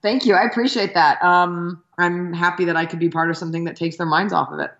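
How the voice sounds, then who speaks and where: A woman comedian chatting as a remote guest, wry and self-deprecating, with hesitant fillers between jokes. Her voice sits on the low side. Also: steady tone, fast talker, fairly bright tone, dull audio. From Texas. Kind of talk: casual interview over a remote call.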